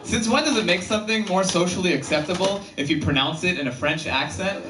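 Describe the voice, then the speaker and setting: A man doing a stand-up comedy set about roommates, acting out characters with excitable shouted bits, recorded at a comedy venue. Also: high voice, fairly quick. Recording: echoey room, far from mic, noisy.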